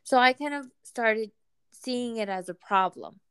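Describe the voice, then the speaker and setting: A woman casually telling a personal story in a relaxed, chatty way, sometimes acting out what people said. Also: on the high side, unhurried, clear, resonant tone. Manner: relaxed, chatty, acts out quoted voices.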